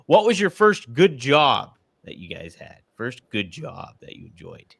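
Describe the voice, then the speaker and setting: A man's voice: mid-range voice, huge pitch swings, unhurried, vocal fry, fairly bright tone, breathy edge, no room sound, clean studio sound. A man co-hosting a casual chat, chiming in and passing on questions. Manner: chimes in and relays audience questions. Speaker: co-host.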